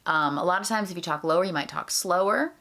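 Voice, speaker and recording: A woman's voice: on the low side, quick pace, fairly bright tone. A woman puppeteer giving casual advice in a rambling, chatty tutorial vlog, full of fillers.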